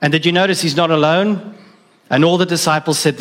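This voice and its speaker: Male preacher, somewhat high voice. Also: fairly even intonation, fairly quick. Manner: conversational, asks the listeners direct questions. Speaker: pastor. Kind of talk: sermon.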